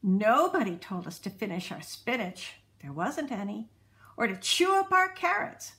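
A woman reads a children's storybook aloud in a slow, unhurried way. Her voice is bright and fairly high, and it rises and falls a great deal as she tells the story. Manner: expressive, unhurried read-aloud.

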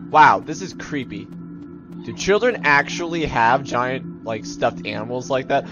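In a mid-range voice that's animated and a little slow, a young man narrates his horror game playthrough. He's jittery and self-mocking, dropping to whispers before yelping. It's a dull, lo-fi game capture with faint game music underneath.

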